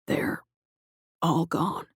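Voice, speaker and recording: A male narrator voicing a shaken agency director who speaks in a quiet, halting, grave way. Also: no room sound, clean studio sound. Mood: grim.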